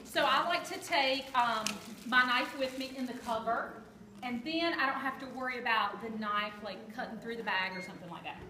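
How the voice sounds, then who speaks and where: A woman's voice: a little high, normal speed. A woman giving a chatty, joking live cooking demonstration and quizzing her audience. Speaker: kitchen product demonstrator. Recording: echoey room with background noise.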